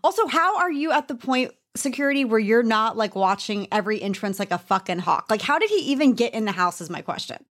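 A woman with a Southern US accent holds forth on a casual gossip podcast. Her voice sits a little high, and she is animated and frank, swearing freely. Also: fast, few pauses. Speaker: podcast co-host, beauty writer.

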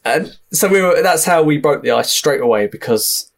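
A young man with an Essex accent, a film director chatting in a podcast interview, telling lively stories with laughs and the odd swear. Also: a little high, normal speed, vocal fry. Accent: Essex English. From Essex, England.

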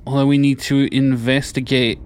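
A man playing a tabletop game, talking in character in a relaxed way with hesitant fillers. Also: medium pitch, normal speed, clean tone. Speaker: player. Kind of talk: casual in-character banter.

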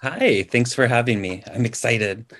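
A man speaking as a podcast guest over a video call, relaxed and rambling, with many ums and likes. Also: mid-range voice, a little slow. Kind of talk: casual interview chat.

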